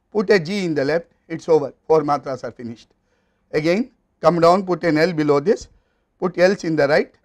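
A man with an Indian English accent delivers a university lecture. His voice sits notably high for a man, and he works through each step in a measured, explanatory way, pausing on fillers and restarting phrases. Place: recording studio or classroom.

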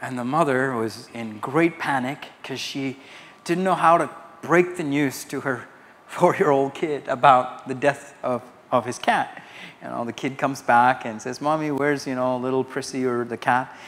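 A man's voice: mid-range voice, unhurried, fairly bright tone, long reverb tail. A man from India preaching a sermon as pastor, quoting scripture and telling anecdotes to his congregation. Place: large church hall.

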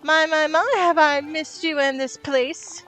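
A woman's voice: high voice, steady tone, a little slow, fairly bright tone, voice pushed up, rough recording. A woman voicing a glamorous, theatrical female cartoon duck in a put-on accent with posh, dramatic phrasing. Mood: delighted.

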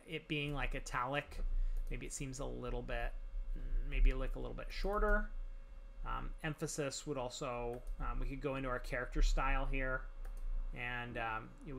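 A man talking through a software tutorial as he works, relaxed, with many pauses and fillers. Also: mid-range voice, creaky, slight background noise. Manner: relaxed, many ums and restarts while working. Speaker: tutorial instructor. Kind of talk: screen-recorded software tutorial.

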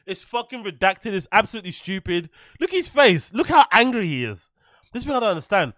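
A man comments on clips during his stream, sarcastic and full of swearing. His voice sits high for a man. The recording is dry and close, with no room echo. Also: very animated, fast, fairly bright tone. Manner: sarcastic, swearing, laughing often.

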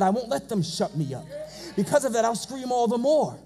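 A man preaching a sermon in a high yet mellow voice. He repeats his phrases with fervor and climbs into full shouts. The setting is a church pulpit. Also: big pitch swings, a little fast, vocal fry, faint music behind. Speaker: pastor. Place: church sanctuary.

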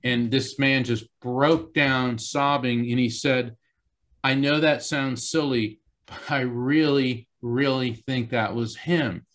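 A man's voice: mid-range voice, steady tone, takes it slowly, a bit bright. A man on a video call, earnestly telling a story in an interview, emphatic and heartfelt. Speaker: psychic guest.

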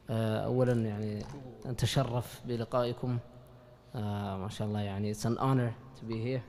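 Gravelly-voiced man from Qatar, hesitant. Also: mid-range voice, rapid-fire, slight background noise. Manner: relaxed, hesitant, mixing Arabic fillers into his English. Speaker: guest speaker on a panel. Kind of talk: casual talk at a live event. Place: event hall at an Islamic centre. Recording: long hall reverb.

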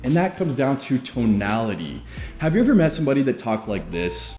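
A man's voice: mid-range voice, sing-song, a little fast, mellow. A man hosting a casual explainer vlog, chatty and informal with joking asides. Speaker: video host. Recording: roomy echo with faint music.

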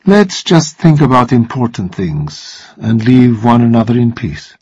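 A man voicing a calm, coolly polite army captain who speaks evenly and without haste in a read-aloud story. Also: mid-range voice, slightly rough, lo-fi sound. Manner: cool, even, unhurried.

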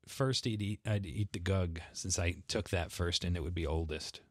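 Dude player in a tabletop game, lowish voice, dry close sound, talking stuff through. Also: male voice, moderate pace, no echo. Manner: relaxed, thinking aloud. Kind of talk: casual tabletop play.

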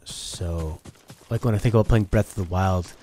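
Low-voiced man chatting over gameplay. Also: normal speed, dark tone, slight background noise. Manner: chatty, musing, reads chat aloud. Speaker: streamer. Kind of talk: casual gameplay commentary. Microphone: desk mic through an audio interface.

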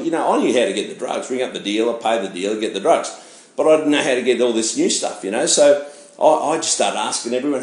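A man, a pastor giving his testimony in animated storytelling, acting out the voices of people he met. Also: mid-range voice, fairly quick. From Australia. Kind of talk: personal testimony sermon. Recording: echoey room.

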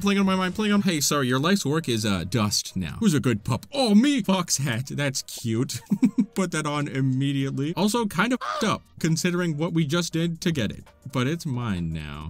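An excitable man narrates his gameplay in a lively voice that jumps all over, yelping and cutting off curse words mid-word. His voice sits a little high, with faint game music underneath. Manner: excitable, yelping, swearing cut short. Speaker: gaming YouTuber. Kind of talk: casual gameplay commentary.

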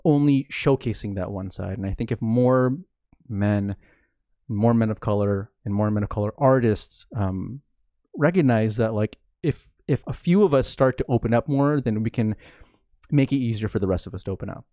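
A man's voice: fairly low pitch, moderate pace, dark tone, dry recording, clean studio sound. A man hosting a podcast, talking casually and rambling, with lots of "like" fillers and restarts. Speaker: podcast host. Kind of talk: casual conversation.

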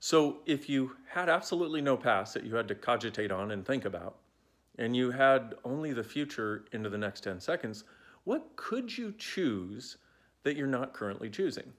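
A man's voice: mid-range voice, a little fast, a bit bright. A man in his forties talking casually to a phone held at arm's length, playful and prone to digressions, coaching his viewers. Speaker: self-help speaker. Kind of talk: casual talk to camera.

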